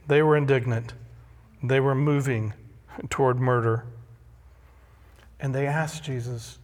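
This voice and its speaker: A male pastor preaching a sermon, emphatic and deliberate, repeating key phrases. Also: medium pitch, steady tone, darkish tone. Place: church sanctuary. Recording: long hall reverb.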